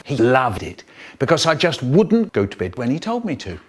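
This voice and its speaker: Lively man telling a story. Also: mid-range voice, moderate pace, breathy edge. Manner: lively, vivid storyteller who acts out the scenes. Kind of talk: comic childhood storytelling, chopped by remix edits.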